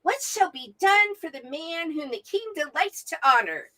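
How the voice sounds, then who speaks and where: An impulsive ancient king barks out brisk, exasperated orders, as a woman puts him on while retelling a story. The voice is bright and sits a bit above her usual pitch. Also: animated, recorded from a distance. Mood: grand. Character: ancient Persian king, man, impulsive and commanding.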